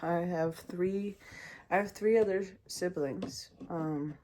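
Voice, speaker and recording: A woman's voice: on the low side, slow, warm tone, a little hiss or hum. A young adult woman hosting a podcast, telling a personal story in a casual, chatty way with many ums and acted-out voices. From Canada. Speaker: podcast host.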